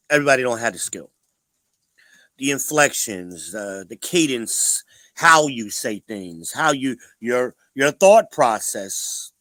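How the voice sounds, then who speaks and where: Blunt, animated man hosting a livestream. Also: mid-range voice, no room sound, poor audio. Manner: blunt and preachy, addressing chat viewers directly. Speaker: livestream host. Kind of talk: casual livestream talk.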